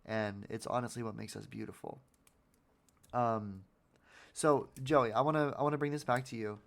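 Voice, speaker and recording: A man's voice: mid-range voice, steady tone, moderate pace, vocal fry, fairly bright tone. A man hosting a podcast, talking in a casual, earnest way about motivation, often repeating words as he goes and swearing now and then. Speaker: podcast host.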